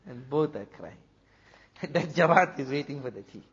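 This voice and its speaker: A man from South Africa, a preacher telling a story in an animated way, dropping to a hush for the dramatic moments. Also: medium pitch, moderate pace. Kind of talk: storytelling talk. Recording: dull lo-fi recording with long hall reverb.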